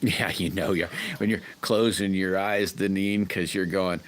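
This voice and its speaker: A man's voice: low voice, fairly even intonation, measured pace, few pauses, slight background noise. A man hosting a casual livestream, rambling folksy stories and greeting viewers by name. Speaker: livestream host chatting with viewers.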